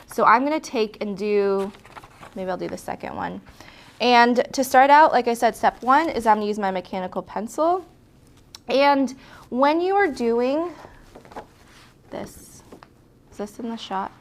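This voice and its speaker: A woman's voice: fairly high pitch, moderate pace. A woman teaching a hand lettering tutorial in a chatty, encouraging way, often correcting herself mid-sentence as she shows her supplies. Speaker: lettering instructor. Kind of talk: casual hands-on tutorial.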